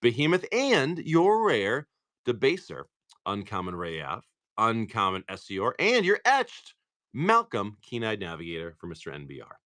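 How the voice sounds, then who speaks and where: A man running a live card sale, talking in a rambling, chatty way and often restarting. His pitch is animated, and his voice is bright and forceful. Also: normal speed. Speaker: live card-break seller. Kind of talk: casual live-stream chat.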